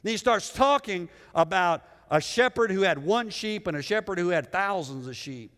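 A male pastor preaching a sermon with dramatic swings between loud emphasis and hushed lows. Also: animated, normal speed. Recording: long hall reverb.

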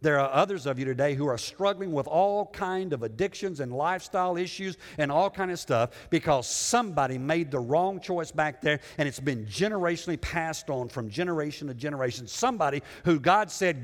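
A male pastor preaching a sermon with dramatic swings between loud emphasis and hushed lows. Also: lively intonation, brisk, few pauses. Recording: long hall reverb.

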